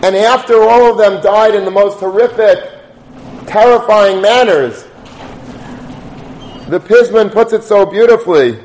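High-voiced man giving a Torah lecture. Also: unhurried, long pauses, darkish tone, echoey room, slight background noise, low-quality recording. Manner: storytelling, rises to chanting Hebrew liturgy. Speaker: rabbi.

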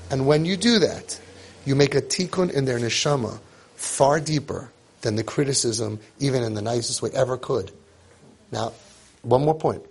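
This man's husky, medium-pitched voice has a darkish tone. He offers parents coaching in a casual lecture, emphatic and repetitive, with Hebrew and Yiddish words mixed in and quoted lines that he acts out for parents and kids.

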